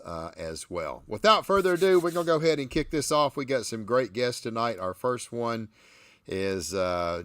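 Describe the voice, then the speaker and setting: A man's voice: medium pitch, a bit bright, dry recording. Southern male host, joking and folksy, dry booth-like sound. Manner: folksy, joking, laughs often. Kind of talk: livestream podcast chat.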